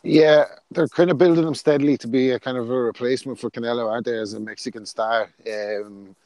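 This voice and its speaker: A man's voice: mid-range voice, darkish tone, no room sound. Blunt, swearing Australian man, dry mic. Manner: blunt, swears, hesitant with fillers. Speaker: podcast co-host. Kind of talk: casual boxing chat.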